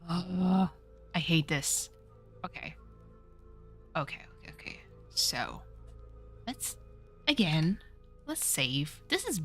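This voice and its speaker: A woman streaming a game, talking to her chat and getting exasperated at the game. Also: lowish voice. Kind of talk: let's play commentary.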